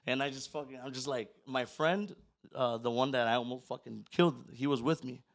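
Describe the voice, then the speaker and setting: Profane, animated male storyteller. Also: medium pitch, a little fast. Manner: profane, animated, swings from loud to hushed; acts out his own quoted words. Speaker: podcast guest. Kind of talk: casual storytelling.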